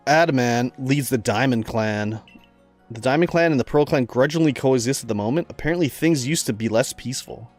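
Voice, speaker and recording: A man's voice: medium pitch, darkish tone. A man streaming a game in casual chat, rambling through stories, laughing often and reading game lines aloud.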